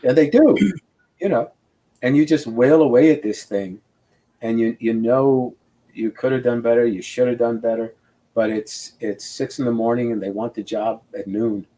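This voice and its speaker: A man's voice: mid-range voice, normal speed, mellow. An older man chats over a video call about his craft. He rambles and tells stories with animation, restarting his sentences as he thinks aloud. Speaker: comic book inker, guest. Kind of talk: casual video interview.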